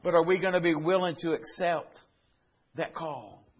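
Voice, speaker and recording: A man preaching a sermon, retelling scripture in plain folksy speech and building to loud, climbing exhortation. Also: a little high, moderate pace, slightly rough, muffled recording.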